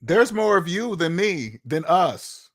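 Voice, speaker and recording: A man's voice: high voice, sing-song, slow, a bit bright. A man hosting his own channel, talking to his viewers in a casual monologue, emphatic and repetitive, firing off rhetorical questions. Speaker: channel host.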